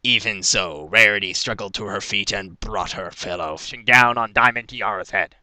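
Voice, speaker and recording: A man reading a fan story aloud at an even storytelling pace, stumbling now and then over a word. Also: on the low side, normal speed. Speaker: fan fiction reader. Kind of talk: storytelling narration.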